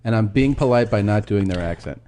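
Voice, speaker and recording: A man in casual podcast chat, telling an anecdote in an animated way. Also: on the low side, a little fast, a little hiss or hum.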